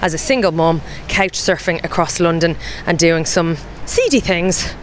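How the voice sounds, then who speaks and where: A woman's voice: on the low side, expressive, moderate pace, slight background noise. A woman hosting an interview podcast, chatty and enthusiastic. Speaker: podcast host.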